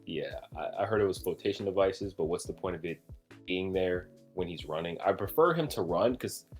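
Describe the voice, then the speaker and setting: A man's voice: sits low, expressive, normal speed, soft background music. A man co-hosting a podcast in a casual chat, talking enthusiastically and rambling with fillers. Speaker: podcast co-host.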